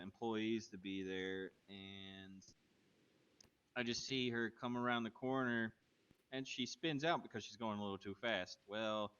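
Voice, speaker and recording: A man's voice: lowish voice, fairly bright tone, clean tone, lo-fi sound. A man telling a rambling in-character story during a roleplay game stream, chuckling between sentences. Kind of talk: casual in-character chat.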